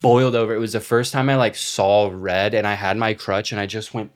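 A young man co-hosting a podcast, telling animated stories in casual chat and swearing freely. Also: lowish voice, brisk. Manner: animated storyteller who swears freely and acts out quotes. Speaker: podcast co-host.

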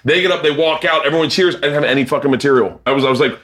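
A middle-aged man telling comedy-club stories in casual chat, animated, acting out quoted voices and laughing often. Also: fairly high pitch, rapid-fire, heavy background noise.

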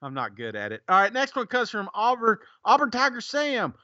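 A man co-hosts a casual podcast, reading listener reviews and laughing along. His voice is bright and high with a wide, animated swing. The recording is dry and a little dull. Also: a little fast, dry recording. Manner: jokey, laughs often, reads reviews aloud. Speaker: podcast co-host.

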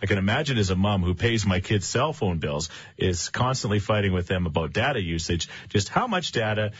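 A man's voice: lowish voice, sing-song, a little fast, slightly rough, no room sound. A middle-aged man, hosting a morning radio show and chatting casually with fillers and restarts. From Canada. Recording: muffled lo-fi radio broadcast.

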